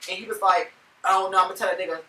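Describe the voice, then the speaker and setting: A young trans woman telling stories in a blunt, profane, animated way during a casual interview. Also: mid-range voice, racing. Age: young adult. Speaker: co-host. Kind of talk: casual storytelling. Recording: echoey room, far from mic.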